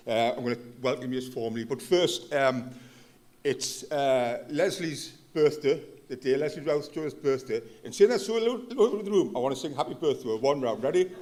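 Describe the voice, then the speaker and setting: A man's voice: mid-range voice, lively intonation, brisk, a little mellow. A Geordie man from Gateshead, a chief fire officer, giving a rambling, jokey welcome speech in a hotel function room. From Gateshead, North East England.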